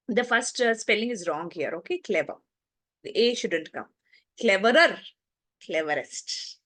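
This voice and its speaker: A woman teaching a children's class online, her fairly high voice walking through rules step by step and checking in with the pupils. She is recorded close to the mic, with a dry sound and no room around her. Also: fairly bright tone, no echo. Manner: explains step by step, repeats word forms aloud, checks in with the class. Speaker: English teacher.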